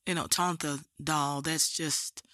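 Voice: mid-range voice, fairly even intonation, slow pace, sharp tone, clean studio sound. A host conducting a casual interview, reacting to and echoing the guest's words.

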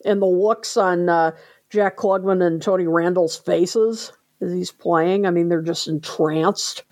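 Gravelly-voiced woman co-hosting music chat. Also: on the low side, steady tone, a little mellow, no echo. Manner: enthusiastic, quick to react. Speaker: podcast co-host. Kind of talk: casual chat about music charts.

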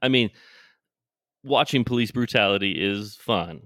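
A man co-hosting a casual podcast, talking in a hesitant, halting way with lots of ums. His voice sits mid-range and sounds dry and close. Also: on the low side, fairly bright tone, no room sound. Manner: hesitant, many fillers and restarts. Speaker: podcast co-host. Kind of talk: casual chat.

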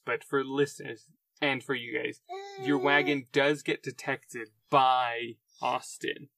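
A man's voice: mid-range voice, gravelly, a bit bright, no room sound. Laughing male game master, slightly distant. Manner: laughing often, restarts mid-sentence, puts on quick character voices. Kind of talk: narrating a tabletop game.

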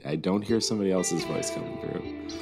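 A man co-hosting a casual podcast, rambling and trailing off mid-thought in a sleepy, low-key way. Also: quick pace, over loud music. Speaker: podcast co-host.

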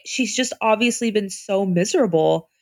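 A woman co-hosting a casual book discussion podcast, animated and acting out characters' lines. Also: medium pitch, normal speed. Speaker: podcast co-host.

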